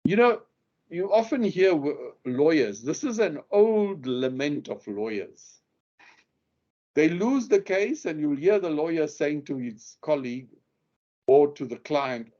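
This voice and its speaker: A man's voice: fairly high pitch, animated, measured pace, warm tone, lo-fi sound. Emphatic man lecturing on courtroom questions. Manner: emphatic, acts out example questions with stressed words. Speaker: legal skills instructor.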